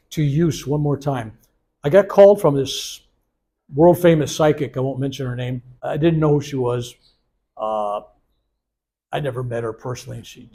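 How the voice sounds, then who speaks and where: A man in his seventies, a reverend leading a healing workshop, telling stories with animation and acting out the voices he quotes. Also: fairly high pitch. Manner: animated storyteller who acts out the voices he quotes. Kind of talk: storytelling workshop talk. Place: workshop room.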